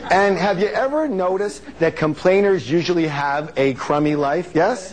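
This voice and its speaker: His voice sits high and moves at a normal speed with hardly any pauses, while some chatter goes on behind him. The man is giving a live motivational seminar, joking and emphatic, quizzing the crowd and leading them in repeating phrases.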